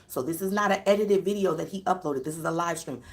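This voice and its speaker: A woman's voice: fairly low pitch, quick pace. A woman giving casual live-stream commentary, speaking emphatically, repeating her points and talking straight to her viewers. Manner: addresses viewers directly.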